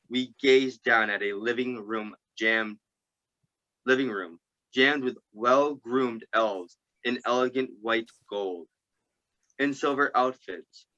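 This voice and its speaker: Man reading aloud, halting, slow, bright tone, dull lo-fi recording. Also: mid-range voice. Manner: halting, stumbles over words and restarts. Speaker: group reader.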